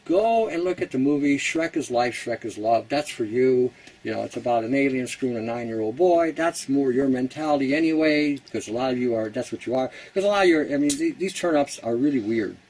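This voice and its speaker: A man's voice: mid-range voice, animated, a little fast, a little mellow, distant mic, low-quality recording. A Canadian man hosting a casual how-to talk, blunt and rambling, who laughs at his own jokes. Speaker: host.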